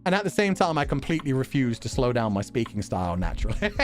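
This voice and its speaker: A young man chatting casually on a stream, talking fast and laughing often. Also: mid-range voice, faint music behind. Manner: animated, quick talker who laughs often. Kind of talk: casual chat.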